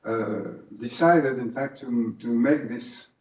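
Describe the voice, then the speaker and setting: An older man with a French accent talks in slow, halting English, hunting for words between frequent fillers. His voice sits at an ordinary middle pitch. The room is echoey, and the mic is set back from him. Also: darkish tone, recorded from a distance. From Brittany, France. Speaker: interviewee, harpist. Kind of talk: casual interview talk. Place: his home.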